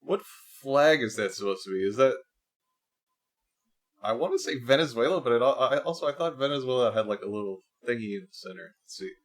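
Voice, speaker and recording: A man's voice: mid-range voice, animated, brisk. A man streaming live, chatting casually, musing aloud and laughing often as he goes.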